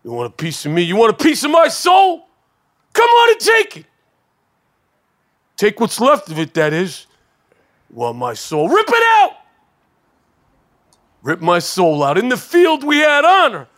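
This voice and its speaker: A man's voice: high voice, huge pitch swings, unhurried, pauses often, full character voice. A man playing a ranting traumatized war veteran. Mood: anguished ranting. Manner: erratic swings from mutter to shouting.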